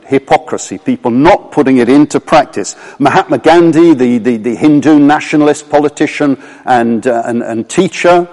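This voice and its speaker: A man's voice: mid-range voice, darkish tone. Earnest preacher man in a reverberant hall. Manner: earnest, emphatic, slows down to quote scripture. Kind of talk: sermon.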